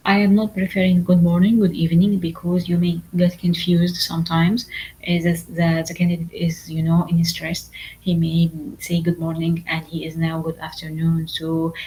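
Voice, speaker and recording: Lowish-voiced woman lecturer, halting delivery. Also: completely flat delivery, mellow, rough recording. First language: Arabic. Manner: repetitive, with many fillers and restarts, often asks "okay?". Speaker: medical exam lecturer. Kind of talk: online lecture.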